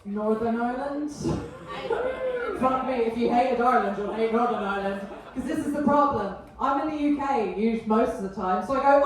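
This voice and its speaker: A woman's voice: a little high, expressive, brisk. A woman with an Essex accent doing stand-up crowd work on a club stage, cheeky and teasing the audience. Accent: Essex English. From England. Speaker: stand-up comedian. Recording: echoey room, mic heard from far. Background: audience laughter.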